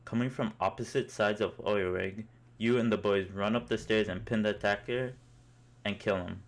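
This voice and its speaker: A man's voice: lowish voice, fairly even intonation, normal speed. Young man, amused mock-epic storyteller. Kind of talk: second-person comic storytelling.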